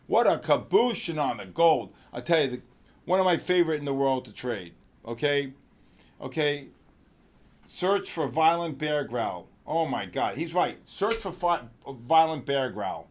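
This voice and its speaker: A man hosting a live trading stream, talking excitedly about the markets and bantering in exasperation with his crew. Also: on the high side, unhurried. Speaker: trading show host.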